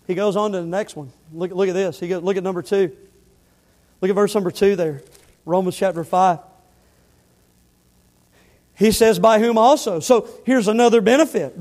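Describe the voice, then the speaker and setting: A man preaching a sermon as a pastor, telling a story in a casual way and then dropping to hushed emphasis on key words. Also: high voice, fairly even intonation, normal speed, long pauses. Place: church sanctuary. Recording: long church reverb.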